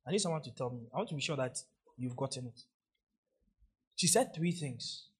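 A man's voice: medium pitch, animated, fairly quick, husky. A man preaching a sermon as pastor, hammering key phrases through repetition and drawing the congregation in to repeat and answer.

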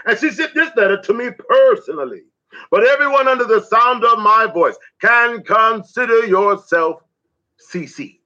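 A high, bright male voice recites spoken word poetry. His pitch swoops widely through rhythmic, dramatic lines. The audio is dull and lo-fi. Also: expressive, a little slow.

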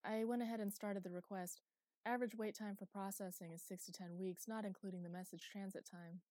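A woman's voice: medium pitch, steady tone, a little fast, darkish tone, no echo, close to an everyday voice. A woman reading the lines of an eager, restless female station AI in an audiobook. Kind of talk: audiobook character voice.

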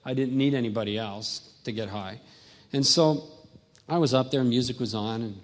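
A man's voice: medium pitch, moderate pace. Man telling his testimony in a hall. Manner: storytelling, acts out his past self in raised voice. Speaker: speaker giving a testimony. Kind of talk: personal testimony talk.

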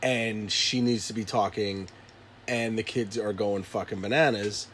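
A man in his thirties, a father, telling a story in profane casual chat and acting out his shouting kids and himself. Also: fairly low pitch, a little slow, a little hiss or hum. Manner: animated, acts out his kids and himself yelling.

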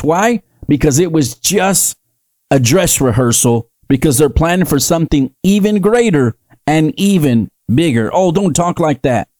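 A man's voice: on the high side, darkish tone, dry recording. A man hosting a podcast, preaching in an emphatic, repetitive way that rises into fervent declarations. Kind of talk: preaching commentary.

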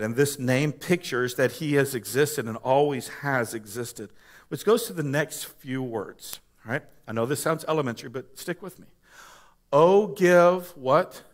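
Man preaching a sermon, slightly high. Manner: conversational preaching, repeats words, rising to emphatic praise. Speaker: pastor.

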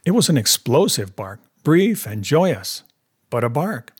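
A man narrating a story in a measured, even reading. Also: medium pitch, breathy edge.

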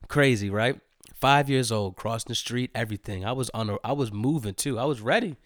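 A man in his thirties tells a story in a loose, slangy way at a middle pitch. He laughs often and repeats his lines for effect. The sound is dry and close. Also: moderate pace, no echo. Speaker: host. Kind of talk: solo storytelling podcast.

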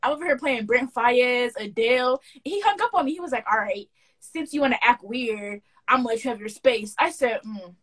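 Slightly high young woman, animated storyteller. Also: fairly quick. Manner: animated storyteller, acts out quoted dialogue with slangy banter. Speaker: podcast co-host. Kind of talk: casual podcast chat.

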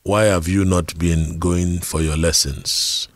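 A man playing a stern, strict father who questions his son gravely and slowly. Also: deep voice, fairly even intonation, no room sound.

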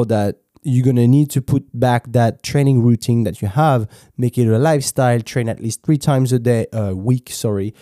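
A man's voice: medium pitch, warm tone, no echo, studio quality. A man from France with a French accent, hosting a podcast in a casual advice monologue; laid-back, swearing freely and often restarting his sentences. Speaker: podcast host.

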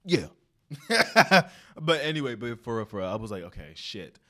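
A young man hosting a solo podcast, telling stories in a casual, profane, animated way, full of slang. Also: medium pitch, moderate pace. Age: young adult. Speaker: podcast host.

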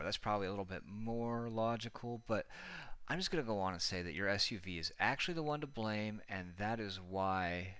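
A man's voice: sits low, bright, forceful tone, clean tone. A man hosting a casual commentary monologue, sarcastic, profane and rambling.

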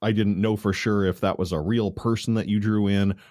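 A man hosting a podcast speaks in a low voice, setting out his thoughts in a measured way. The sound is dry and close. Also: steady tone, darkish tone, no echo. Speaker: podcast host. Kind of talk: casual podcast interview.

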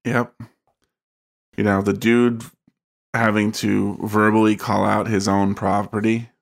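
Smooth-voiced man, lowish. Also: level tone, takes it slowly. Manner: smooth radio-style delivery. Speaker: podcast co-host. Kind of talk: casual movie chat.

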